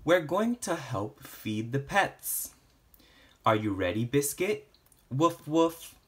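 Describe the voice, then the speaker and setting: A man reading a picture book aloud to children, gently, with playful barks and meows for the animals. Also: medium pitch, very animated, slow pace. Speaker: storytime reader.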